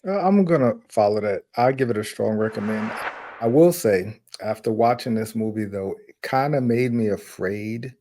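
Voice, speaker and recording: A man's voice: lowish voice, normal speed, dark tone, a little hiss or hum. A man on a film review panel, earnestly laying out his argument point by point. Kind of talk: casual film review chat.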